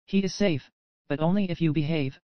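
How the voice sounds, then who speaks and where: A woman reading the lines of a possessive, controlling man obsessed with his captive, in a low, measured, menacing tone. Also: no room sound, muffled recording, lightly acted.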